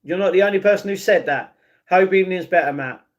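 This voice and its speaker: The recording is muffled as a young man with a voice that sits high talks fast on a casual livestream. He reads and answers messages from his chat, often throwing in "you know what I mean."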